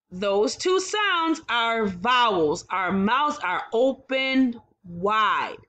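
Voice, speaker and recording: Slow, clear kindergarten teacher woman. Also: fairly high pitch, sing-song, sharp tone. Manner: sounds out words slowly, cheerful praise. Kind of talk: slow, clear phonics lesson for young children.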